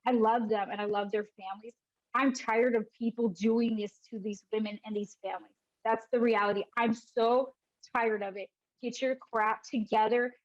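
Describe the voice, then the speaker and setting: A woman's voice: a little high, steady tone, moderate pace. A woman, speaking to viewers in a personal vlog with impassioned frustration. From United States. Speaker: vlogger, mother sharing her birth story. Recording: dull lo-fi audio.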